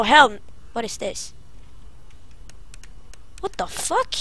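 In a rough recording, a woman with a fairly high, fairly bright voice provides let's-play commentary on a horror game. Jump scares startle her easily, and she cries out at them.

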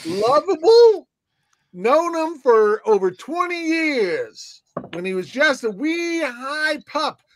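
A man's voice: very high-pitched, big pitch swings, slow, a bit bright. A man co-hosting a drinks podcast, teasing and joking in loose banter. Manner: teasing, playful, mock-insulting. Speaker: co-host.

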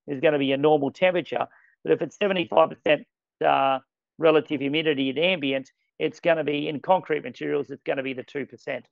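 A man running a casual product training demo, talking with enthusiasm and quick exclamations. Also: a little high, creaky, no echo. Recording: dull lo-fi sound.

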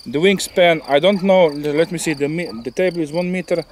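A Slovenian man talks through his model plane setup outdoors, matter-of-fact and halting. His voice sits fairly high. Outdoor noise and crickets are clear behind him. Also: steady tone. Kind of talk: casual explaining. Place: outdoors at a flying field.

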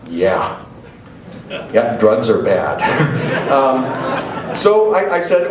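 Man with a Canadian accent, high and lively storyteller, live in an echoey room away from the mic. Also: unhurried, a little hiss or hum. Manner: animated, acts out quotes with sudden high yelps. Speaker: drummer telling a story at a clinic. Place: music store clinic stage. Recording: roomy live hall, mic at a distance.

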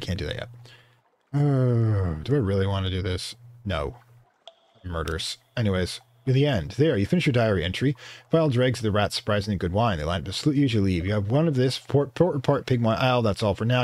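A man's voice: lowish voice, lively intonation, brisk, darkish tone. A man hosting a let's play, reading the game's text aloud, stumbling over words and correcting himself between casual remarks. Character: shy albino rat tinker, male.

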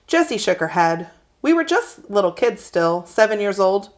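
A woman reading a children's novel aloud in a calm, steady storytelling manner. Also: lowish voice, a little slow. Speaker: reader.

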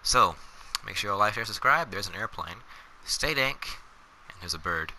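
Deep-voiced young man commenting on gameplay. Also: a little fast, sharp tone, a little hiss or hum, poor audio. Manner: laid-back, jokey, rambling. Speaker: let's play host.

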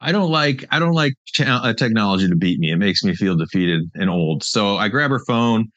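This Canadian host from British Columbia is a relaxed, rambling storyteller who laughs a lot during his casual chat. He speaks brisk and animated in a lowish, fairly bright voice, with no room sound and a lo-fi quality.

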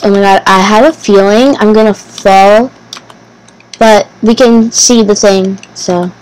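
A woman giving casual gameplay commentary as host of her channel, talking to herself nervously, repeating phrases and bursting into excited exclamations. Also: mid-range voice, measured pace, low-quality recording. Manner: nervous, anxious self-talk, repeating phrases.

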